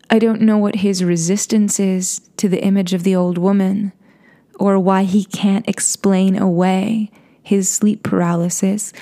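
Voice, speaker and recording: A woman telling a personal story in a soft, confessional way, often dropping into a whisper and restarting her sentences. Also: mid-range voice. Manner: frequent restarts and stammers.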